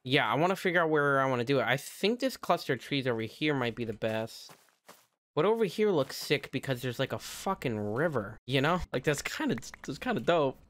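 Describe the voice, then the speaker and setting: A man's voice: medium pitch, expressive, a little fast, fairly bright tone. A young man giving casual, profane gameplay commentary while building, rambling along and breaking into sudden squealing outbursts. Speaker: gaming video creator.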